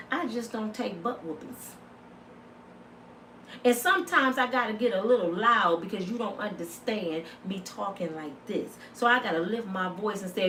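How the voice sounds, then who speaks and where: A woman giving a comedic opinion rant, loud and blunt, full of asides. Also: medium pitch, animated, normal speed, reverberant, far from the mic, slight background noise. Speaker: commentator.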